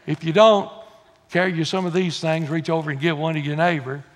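Preacher, male, high and gravelly, folksy sermon delivery, long church reverb. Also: steady tone, brisk. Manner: folksy, swings from low confiding asides to loud exhortation. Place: church sanctuary.

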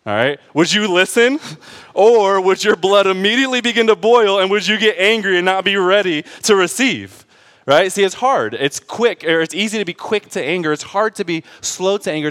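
Male pastor, fairly high voice, casual preaching style, jokes, constant "right?" check-ins. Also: a bit bright. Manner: keeps asking the congregation "right?" and "okay?"; informal and joking, with asides to the congregation. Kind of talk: conversational sermon.

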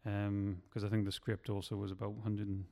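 A man's voice: on the low side, completely flat delivery, fairly quick, creaky, warm tone, in a large hall. A man who writes and produces films, talking in a loose, rambling way and often stopping to correct himself. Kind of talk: casual chat.

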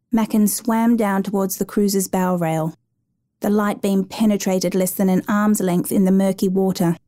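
A woman reading a dramatic true rescue story aloud in a measured, even narration. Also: mid-range voice.

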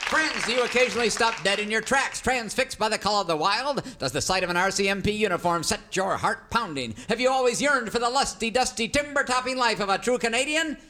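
A man voicing an oily, overblown male pitchman in a parody radio ad. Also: animated, fairly quick, hardly any pauses, pushed and bright, some chatter behind, a little hiss or hum. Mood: salesy. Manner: hard-sell, overblown. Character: oily fast-talking male pitchman, middle-aged.

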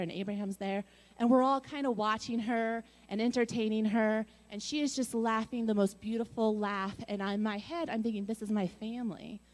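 Earnest woman telling a personal story. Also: mid-range voice. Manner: earnest, animated storytelling with quoted dialogue. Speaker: speaker sharing a personal story. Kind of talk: personal testimony.

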